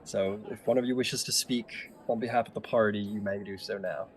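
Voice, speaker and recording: A man running a tabletop game as game master, talking casually with many pauses and fillers. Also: lowish voice, fairly even intonation.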